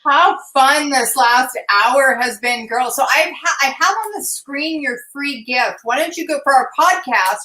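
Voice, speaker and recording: Bright-voiced woman host in an echoey room. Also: high-pitched, unhurried, hardly any pauses. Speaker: podcast host. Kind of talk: casual interview hosting.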